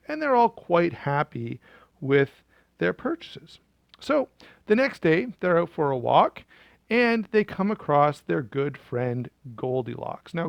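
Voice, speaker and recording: A man hosting a knife vlog, spinning a jokey story in an upbeat, chatty manner. His voice sits a little high and gravelly. The sound is dry and somewhat dull. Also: dry recording. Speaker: knife channel host.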